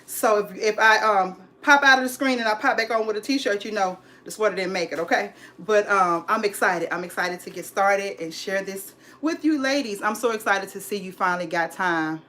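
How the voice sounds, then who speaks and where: A woman's voice: medium pitch, moderate pace, hardly any pauses, a bit bright, slight background noise. A woman, bubbly and hyped, greeting viewers on a home decor livestream. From California. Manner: bubbly, hyped, calls viewers sis and honey. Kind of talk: live-stream chat. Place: home, indoors.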